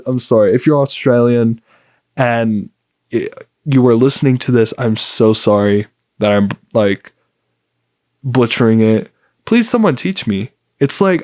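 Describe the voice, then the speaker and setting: A young man hosts a casual solo podcast in a chatty, rambling way, full of fillers and easy enthusiasm. His voice sits at an ordinary middle pitch. The recording is dry and close, with no room sound. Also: a little mellow, dry recording. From United States. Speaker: podcast host.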